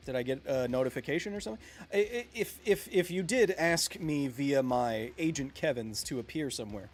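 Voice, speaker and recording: A man in his thirties live-streaming a video game, chatting casually with viewers in a rambling, self-mocking way. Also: mid-range voice. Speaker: streamer playing a video game and answering chat.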